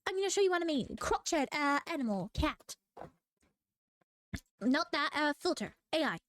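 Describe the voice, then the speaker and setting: A woman, a manga artist, chatting in a rambling, playful way while she draws. She giggles, mocks herself and breaks into squeaky exclamations, speaking into a desk microphone at home. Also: very animated, normal speed, a bit bright. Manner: giggly, scatterbrained, playful, self-mocking. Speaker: manga artist drawing on stream. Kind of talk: rambling casual chat while drawing.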